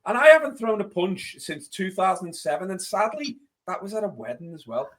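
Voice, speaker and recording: High-voiced self-mocking man. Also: fairly quick. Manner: self-deprecating, animated storytelling. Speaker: podcast panelist. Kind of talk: casual chat.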